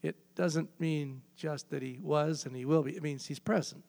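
A man's voice: fairly high pitch, normal speed, creaky, darkish tone. A man preaching a sermon, emphatic and repeating key phrases for weight. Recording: long hall reverb.

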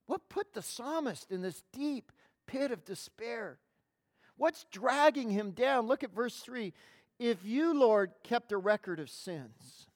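A woman's voice: a little high, lively intonation, slow. Emphatic woman preaching a sermon. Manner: emphatic, stretches key words, frequent repeated starts. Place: in front of a congregation.

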